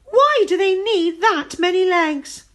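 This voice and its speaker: A woman's voice: very high-pitched, animated, slow pace, a bit bright, voice pushed up, heavily acted. A woman reading aloud and voicing a terrified young lady who screams in panic at a spider.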